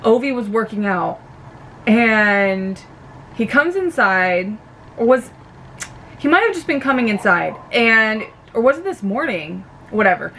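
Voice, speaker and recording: A young woman vlogger ranting casually about a reality show, animated and swearing freely. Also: a little high, unhurried, slight background noise.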